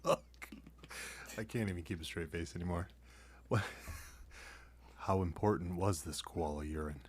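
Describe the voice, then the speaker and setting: Male podcast host, very deep and low voice, dry straight man who feeds questions. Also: normal speed, husky. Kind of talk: casual comedic chat.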